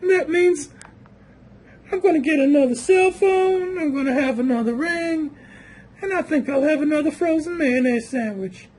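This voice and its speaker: A woman's voice: high voice, normal speed, darkish tone, natural voice. A woman voicing a smug, self-assured woman in a religious group's leadership, talking in an airy, self-satisfied way.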